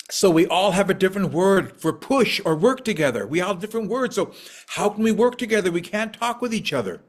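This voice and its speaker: Anxious villager, as a male storyteller puts him on: urgent, high, insistent. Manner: urgent, insistent, repeating himself. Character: worried villager man raising a problem.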